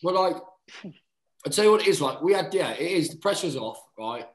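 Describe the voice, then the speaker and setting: A man's voice: a little high, a little fast, reverberant, poor audio. A man, a rugby player telling stories as a podcast guest, chatty and peppering his talk with "mate". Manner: chatty, says "mate" often, lively retelling. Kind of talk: casual storytelling chat.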